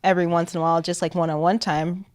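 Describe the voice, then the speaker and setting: A young adult woman, a podcast guest, answering hypotheticals with quick, wry remarks in casual chat. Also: on the low side, flat delivery.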